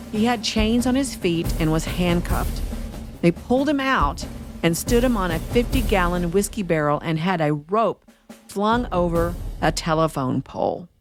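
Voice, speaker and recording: A woman hosting a history podcast, telling an old outlaw story in a steady way with wry asides. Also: on the low side. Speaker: podcast host.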